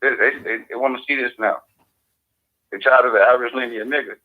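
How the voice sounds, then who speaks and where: A man's voice: mid-range voice, fairly even intonation, brisk. A man in casual radio talk, speaking in a loose, profane street manner. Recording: phone-like lo-fi audio.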